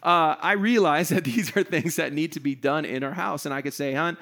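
A man's voice: a little high, a little fast, a bit bright. A middle-aged man preaching a casual sermon to an online audience, chatty and self-deprecating, acting out little scenes along the way. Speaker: pastor.

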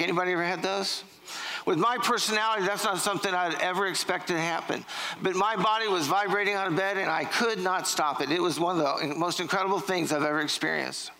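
Bright-voiced pastor preaching. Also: male voice, sits high, a little fast, poor audio. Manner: joking, storytelling, quizzing the congregation. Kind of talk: sermon. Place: church sanctuary.

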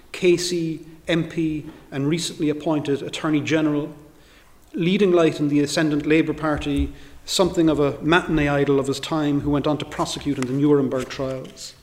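A middle-aged barrister giving a formal history lecture, in a measured and deliberate delivery read from a prepared text. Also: male voice, a little high.

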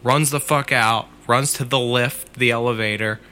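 A man's voice: mid-range voice, fairly even intonation, normal speed, bright, forceful tone. A man casually retelling a friend's scary story in the first person, swearing freely as he goes.

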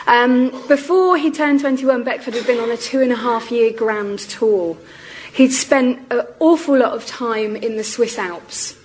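A woman giving a public lecture on history. Her voice is going hoarse, and she explains things in a measured way with frequent ums. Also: on the high side, a little mellow, a little hiss or hum, rough recording. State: losing her voice.

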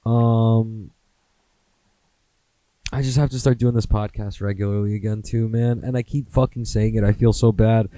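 A man's voice: on the low side, fairly even intonation, normal speed, mellow, dry recording, poor audio. A young American man hosting a solo podcast, rambling in a profane, self-mocking, casual way. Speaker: podcast host.

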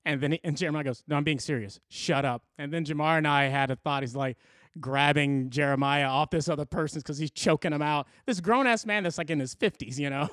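A man co-hosting a podcast, explaining and telling stories in a relaxed, casual way. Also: on the high side, brisk, no echo, clean studio sound. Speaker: podcast co-host. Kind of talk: casual chat.

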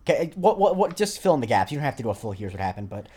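A young man co-hosting a podcast talks very fast in a husky, dark, mid-range voice with big pitch swings. His casual chat rambles with plenty of fillers and restarts.

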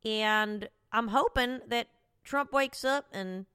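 A woman's voice: a little high, takes it slowly, pushed and bright, clean tone, dry recording. Profane rambling woman host, dry sound. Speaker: talk show host. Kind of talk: casual rant. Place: at home.

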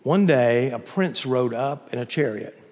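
A male pastor preaching a sermon in a church, emphatic, swinging from loud peaks to soft drops. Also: medium pitch, animated, measured pace, big-room sound.

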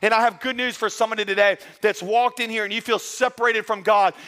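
A man's voice: sits high, steady tone, fast talker, sharp tone. A middle-aged male pastor preaching a sermon in a church service, talking in an earnest, conversational way with frequent restarts and repeated words.

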